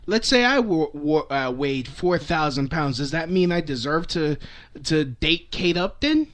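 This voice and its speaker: With a slightly high, fairly bright voice, a young man speaks a little slowly and with lively intonation. The vlogger is on a meandering, comic rant to camera, swearing a lot, restarting often and laughing.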